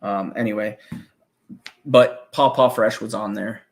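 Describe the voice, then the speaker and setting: A man with a low, gravelly voice talks loosely and at length. He swears constantly and breaks into laughter between thoughts, the way people talk in a relaxed hangout. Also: measured pace. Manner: rambling, swears freely, laughs often. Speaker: guest musician. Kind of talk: casual profane chat.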